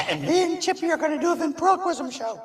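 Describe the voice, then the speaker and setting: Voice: sits high, lively intonation, a little fast, fairly bright tone, recorded from a distance. A puppeteer voicing a boastful young male monkey puppet in a church skit, showing off his silly ventriloquism act. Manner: show-off, silly, proud of himself. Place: church sanctuary.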